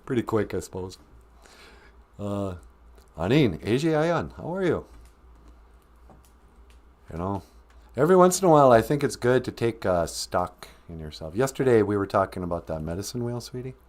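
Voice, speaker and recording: A man's voice: fairly low pitch, big pitch swings, normal speed, pauses often, a little mellow. A middle-aged man, hosting a casual livestream podcast, joking with viewers and slipping into silly voices. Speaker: podcast host.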